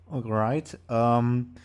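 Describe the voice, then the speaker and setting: A man's voice: mid-range voice, a little mellow, smooth. Laid-back male game master. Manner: casual, laughs often, some restarts. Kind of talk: narrating a tabletop game.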